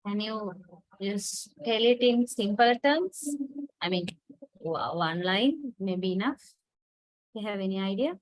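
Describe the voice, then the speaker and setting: A woman's voice: medium pitch, lively intonation, measured pace, long pauses, poor audio. A woman lecturer explaining a topic to her class in a patient classroom lecture, often checking in with her students. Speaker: university lecturer.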